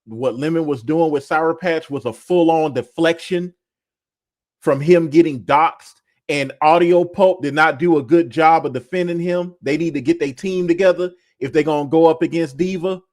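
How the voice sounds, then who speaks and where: Man, somewhat high voice, casual gossip chat, rambling, filler-heavy. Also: moderate pace, a little mellow. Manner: loose, rambling, lots of fillers and restarts. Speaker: co-host.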